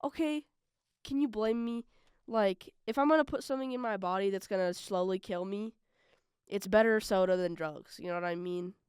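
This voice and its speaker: Young woman rambling on her own podcast, super smooth clear voice, dry close mic, says like a lot. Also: mid-range voice, moderate pace, dry recording. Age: young adult. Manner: chatty and rambling, lots of "like" and "bro"; animated, swings between loud bursts and mumbled asides. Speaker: college radio podcast host. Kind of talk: casual solo podcast chat.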